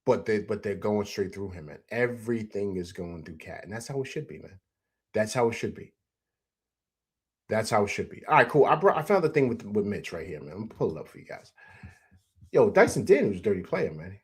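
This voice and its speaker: A young adult man hosting a casual postgame livestream, breaking down highlights and greeting viewers in an excited, chatty way that is full of fillers. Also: fairly quick, breathy edge. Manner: excited, animated, repeats "man" and "you know what I'm saying". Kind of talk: casual sports commentary over highlights.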